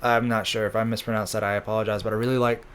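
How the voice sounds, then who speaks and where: A man's voice: on the low side, flat delivery, rapid-fire, a bit bright, a little hiss or hum. A man hosting a casual recap, chatty, laughing often and stumbling over names as he goes. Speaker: channel host.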